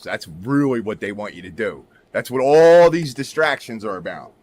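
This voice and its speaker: A livestream host, male, speaks at medium pitch with lively intonation, a measured pace and long pauses. Looking things up at his computer, he rambles emphatically, asks "right?" constantly and drifts into mutters.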